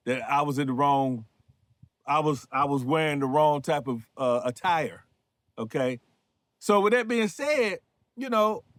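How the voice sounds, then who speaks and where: A man's voice: sits high, a bit bright, no room sound. A man in his fifties from North Carolina, telling a personal story in a loose, casual way with frequent asides. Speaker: show host and storyteller.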